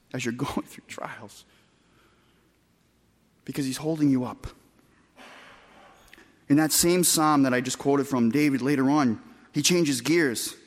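High-voiced preaching man in a hall. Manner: emphatic preaching, swings between loud and soft. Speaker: pastor. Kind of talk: sermon.

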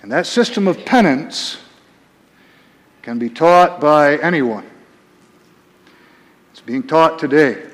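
Male pastor, slow and emphatic sermon delivery, fairly high voice, long church-hall reverb. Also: lively intonation. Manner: emphatic preaching, swings between soft and loud.

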